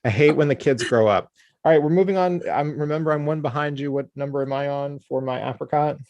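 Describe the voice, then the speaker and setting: Gravelly-voiced joking male craft host. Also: a little high, fast talker, a little mellow, highs cut off. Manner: joking, reads viewer comments aloud. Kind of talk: casual livestream chat. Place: Orlando.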